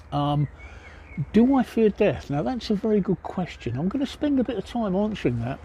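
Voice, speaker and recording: Blunt older English man, mellow tone. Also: fairly high pitch, slight background noise. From England. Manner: blunt, joking, matter-of-fact. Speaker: livestreamer answering viewer chat. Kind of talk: casual chat Q&A. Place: outdoors by a pub. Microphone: cell phone.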